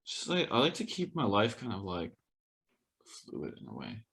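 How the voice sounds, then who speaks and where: A young man with a fairly low voice and a bright, forceful edge chats on a podcast. He rambles and hesitates, filling pauses with "um" and "like". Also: wildly swooping pitch, creaky. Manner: rambling, hesitant, lots of fillers. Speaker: podcast co-host. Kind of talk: casual chat.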